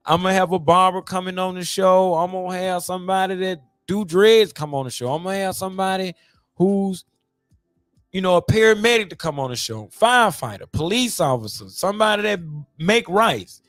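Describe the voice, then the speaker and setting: A man's voice: sits high, moderate pace, no echo, faint music behind. A man hosting his own podcast, rambling and swearing freely as he invites guests. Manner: rambling, profane and animated. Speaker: podcast host. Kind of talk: casual podcast monologue.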